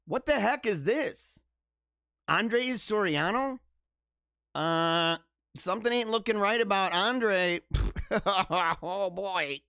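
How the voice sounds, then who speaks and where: High-voiced man rambling on a livestream. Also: lively intonation, normal speed, fairly bright tone, no room sound, clean studio sound. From United States. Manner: rambling, joking, chuckles often. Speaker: livestream host. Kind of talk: casual commentary reading news.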